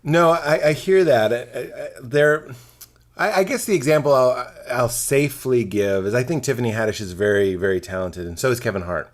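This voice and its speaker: A man in his forties, a comedian guest chatting casually on a podcast, animated and jokey, slipping into mocking voices. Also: medium pitch, normal speed.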